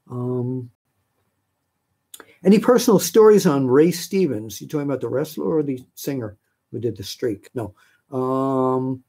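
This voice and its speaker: A man's voice: mid-range voice, warm tone, husky. An older man from New York hosting a live stream, answering viewer questions in a chatty, rambling way with many fillers. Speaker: host.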